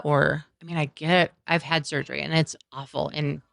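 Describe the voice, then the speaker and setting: A woman's voice: low voice, little pitch movement, normal speed, vocal fry, fairly bright tone, dry recording, studio quality. A woman from Colorado, a podcast guest, telling a long personal story in casual conversation and acting out what people said in strings of run-on phrases. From Colorado, USA. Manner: retells events with many quoted exchanges, run-on phrasing. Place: coffeehouse.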